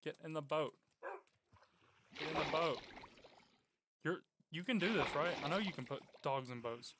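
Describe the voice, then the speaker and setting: A young man giving casual gameplay commentary, coaxing and pleading with his in-game pet, then bursting into excited yells. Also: on the high side, normal speed, noisy background. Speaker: gaming YouTuber.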